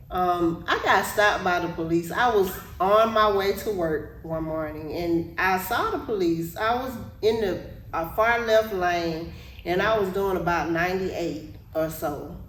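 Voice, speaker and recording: A woman podcast co-host telling a story in casual chat, animated and laughing often. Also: lowish voice, a little slow, recorded from a distance. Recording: echoey room, off-mic, faint noise.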